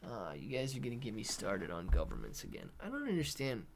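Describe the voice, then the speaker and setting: A man's voice: fairly low pitch, a little fast, gravelly, hardly any pauses, a little hiss or hum. Casual-talking man hosting a trading livestream. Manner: animated, sarcastic rants, reads chat aloud. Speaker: livestream host. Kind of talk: casual live market commentary.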